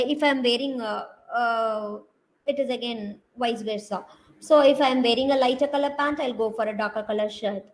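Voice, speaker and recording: A woman's voice: a little high, rough recording. A woman with an Indian English accent giving a university design lecture, talking through slide examples with many hesitant fillers.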